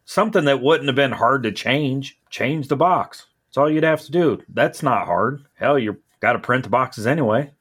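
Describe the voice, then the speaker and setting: A man's voice: medium pitch, lively intonation, moderate pace, hardly any pauses, a bit bright, slightly rough. A man co-hosting a casual podcast who talks in an offhand way and trails off mid-sentence. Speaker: podcast co-host.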